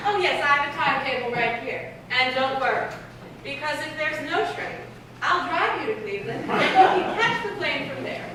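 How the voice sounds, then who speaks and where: A woman playing a level-headed, helpful secretary in a live community theater show, brisk and matter-of-fact. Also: high voice, expressive, bright, forceful tone. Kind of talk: live stage acting. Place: theater stage. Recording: echoey stage from a far camera, noisy.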